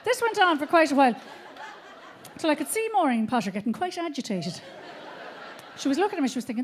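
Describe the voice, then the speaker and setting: A woman's voice: high-pitched, very animated, quick pace, long pauses, a crowd in the background, background noise. An Irish woman doing a live stand-up routine on a theatre stage, brash and profane, telling stories with lots of animation. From Ireland. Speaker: stand-up comedian.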